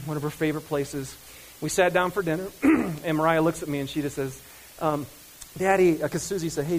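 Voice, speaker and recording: Casting note: male pastor in his thirties, husky tenor, preaches casually to his congregation, quizzing them. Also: sits high, rough recording. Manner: animated and conversational, asks the audience questions. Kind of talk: sermon. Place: church hall before a congregation.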